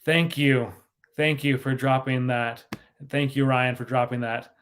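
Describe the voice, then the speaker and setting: A man's voice: medium pitch, little pitch movement, measured pace, fairly bright tone. A man hosting a casual livestream, laughing often and stumbling over his words as he reads the chat. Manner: giggly, laughs often and breaks off mid-sentence. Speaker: livestream host.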